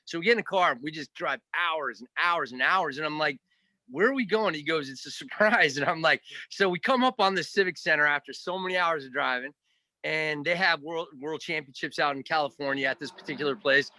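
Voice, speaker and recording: A man's voice: a little high, fairly quick, no echo. A man telling a long story in a casual interview, rambling, swearing now and then and acting out what others said. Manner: animated, rambling, swears, acts out quotes. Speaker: guest actor.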